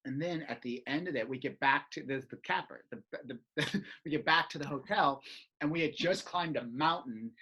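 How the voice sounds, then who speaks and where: A woman's voice: low-pitched, normal speed, husky, highs cut off. A woman hosting a podcast, telling a story in a casual chat and acting out the lines people said. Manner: animated, acts out quoted lines. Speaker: podcast host.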